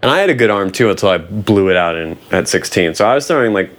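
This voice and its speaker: A young American man telling a funny story in casual chat, animated and often laughing as he acts out what people said. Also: fairly low pitch, fast talker. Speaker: guest.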